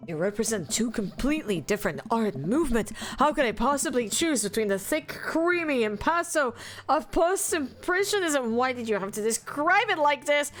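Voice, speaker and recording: A woman streams a game live, reading its dialogue aloud and commenting with animated laughter, loud outbursts and swearing. Her voice is a little high.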